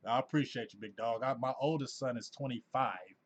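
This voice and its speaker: A man in his forties hosting a casual sports fan livestream, talking in an animated, effusive way and reading out viewers' names. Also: medium pitch, brisk, hardly any pauses. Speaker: host of a sports fan live show.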